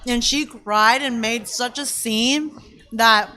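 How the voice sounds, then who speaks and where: A woman's voice: fairly high pitch, takes it slowly. Chatty young woman wrestler guest. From United States. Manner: lively, story-telling, many likes and you knows. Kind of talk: casual interview chat.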